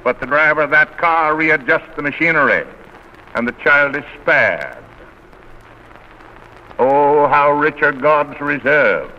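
Male preacher, earnest measured oratory, old muffled radio recording. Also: on the high side, lively intonation. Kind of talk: sermon.

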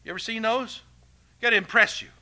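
Animated preacher man, bright and forceful. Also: very high-pitched, fairly quick. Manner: animated preaching with sharp swings in loudness. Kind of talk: sermon.

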